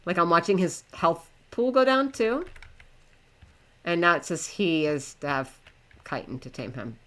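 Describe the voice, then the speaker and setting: A woman's voice: on the low side, measured pace, a bit bright. A young woman streaming a game live, chatting to herself and her in-game pets in a flustered, talkative way. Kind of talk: live gameplay commentary.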